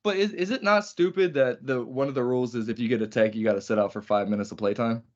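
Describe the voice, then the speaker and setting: A man's voice: medium pitch, quick pace, muffled recording. A man co-hosting a podcast, telling profane stories in casual chat. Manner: profane storytelling. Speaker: podcast co-host.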